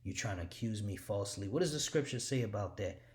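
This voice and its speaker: A man giving informal, heated scripture commentary, cursing often and tagging lines with "man", sometimes dropping to quick low asides. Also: expressive, background noise. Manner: mutters asides low and fast. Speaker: religious speaker.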